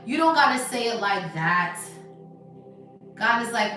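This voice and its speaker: A woman doing a live tarot reading in casual, slangy chat, talking emphatically and sometimes dropping to a soft hush. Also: a little high, moderate pace, vocal fry, slight background noise. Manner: animated, emphatic, swings to soft hushed stretches. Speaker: tarot reader. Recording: echoey room, voice distant from mic, music behind. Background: background music.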